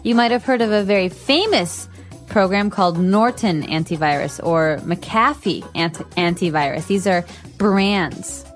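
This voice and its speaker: A woman co-hosting an English-learning podcast, explaining phrases clearly and giving example sentences in casual chat. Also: mid-range voice, a little slow, faint music behind. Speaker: podcast co-host and English teacher.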